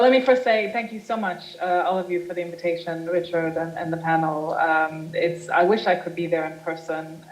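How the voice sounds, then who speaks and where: A woman's voice: deep voice, low-quality recording. An American woman, an art historian speaking on a panel over a video link, chatty with frequent fillers. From United States.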